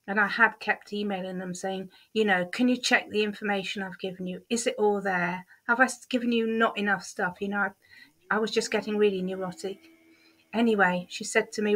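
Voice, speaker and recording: A woman's voice: medium pitch, moderate pace, a bit bright. A middle-aged woman vlogger chatting candidly about her week, with a lot of ums and repeated words. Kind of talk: casual diary-style vlog.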